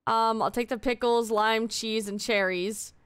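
A young woman streaming a game live, exasperated and swearing as she yells at her chat. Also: on the high side, steady tone, measured pace, smooth, dry recording, studio quality.

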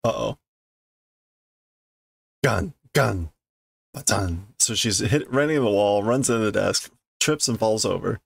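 A man reading a comic aloud and translating it as he goes, thinking aloud with halting restarts and fillers. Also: lowish voice, creaky, husky, dry recording. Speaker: Japanese learner reading a comic on stream.

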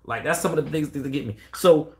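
A man, a dog breeder answering questions on a casual live stream, blunt and animated, quoting callers in a raised voice. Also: fairly high pitch, brisk.

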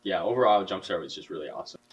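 A teenage boy speaking as a podcast guest in casual chat, with a monotone delivery. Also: low voice, racing, far from the mic, lo-fi sound, slight background noise. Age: teens. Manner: self-described monotone.

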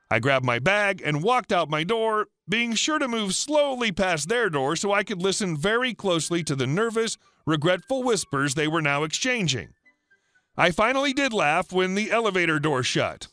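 Guy narrating a reddit story, kinda high bright voice, dry sound with faint music under it. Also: no room sound.

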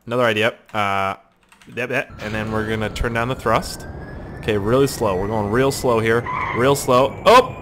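A man giving excitable let's-play commentary on a flight game, swearing and laughing at his own crashes. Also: lowish voice, moderate pace, background noise. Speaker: gaming YouTuber.

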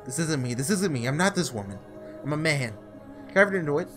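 A man's voice: on the high side, expressive, brisk, fairly bright tone, faint music behind. A man reading a visual novel aloud, voicing a tormented young man who cries out in raw, desperate anguish. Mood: furious.

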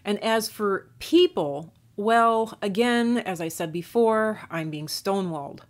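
A woman's voice: medium pitch, a little slow. A woman from northern Minnesota, with a faint Minnesotan accent worn down to a neutral American sound, talking in a digressive, rambling monologue full of restarts. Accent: faint Minnesotan, mostly neutral American. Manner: digressive, many restarts and fillers. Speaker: YouTube channel host.

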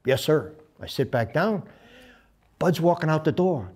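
Man, 70s, veteran interviewee; salty, animated storyteller who does voices and sound effects. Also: on the high side, moderate pace, husky. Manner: profane, acts out voices and sound effects in his stories.

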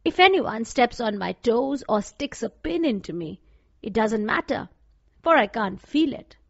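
Lady reading as a friendly storybook scarecrow guy, slow and earnest, lively pitch, dull dry recording. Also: creaky, no room sound, heavily acted. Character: gentle friendly male scarecrow, slow-spoken.

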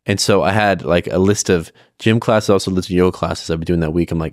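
A man with a very low voice speaks on a podcast in a relaxed, sincere way, sometimes restarting his words. The recording is close and dry. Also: fast, hardly any pauses, no echo. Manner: relaxed, earnest, some stammered restarts. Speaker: podcast co-host. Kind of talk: casual conversational storytelling.

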